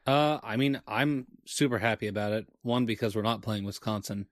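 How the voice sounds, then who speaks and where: A man's voice: fairly low pitch, fairly even intonation, normal speed, no echo, studio quality. A man co-hosting a casual sports podcast, making wry, joking asides. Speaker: podcast co-host.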